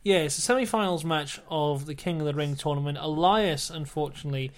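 A man's voice: a little high, fairly quick. A man co-hosting a casual wrestling podcast, recapping matches bluntly and joking with his co-host. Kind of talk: casual chat.

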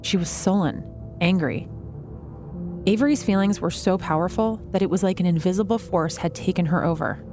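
Low-toned female documentary narrator over music. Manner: measured, informative. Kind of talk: scripted narration.

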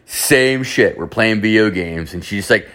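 A man's voice: fairly low pitch, normal speed, a bit bright. A young man telling a crude personal anecdote in a casual, rambling way, stuffed with filler words and cursing. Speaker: storyteller.

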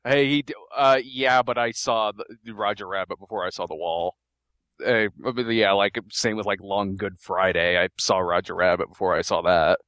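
A man's voice: fairly low pitch, steady tone, moderate pace, fairly bright tone, no room sound, studio quality. A man co-hosting a podcast, chatting casually about movies, laughing often and hedging with many likes. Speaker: podcast co-host.

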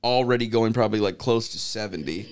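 A man's voice: lowish voice, quick pace, smooth. A young man in casual podcast chat, telling stories and acting out the people in them. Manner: animated storyteller acting out quoted voices.

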